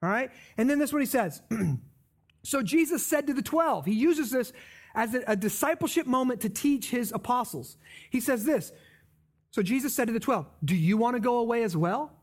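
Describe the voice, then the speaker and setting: Guy preaching, real high voice, chatty and punchy, breaks the verses down casually. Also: animated, moderate pace. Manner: conversational, emphatic, explains scripture in plain words. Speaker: pastor. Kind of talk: sermon.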